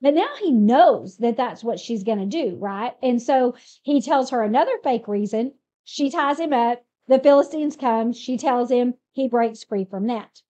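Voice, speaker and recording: A woman casually retelling a Bible story in a chatty, animated way, asking rhetorical questions. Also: a little high, a little slow. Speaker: Bible teacher.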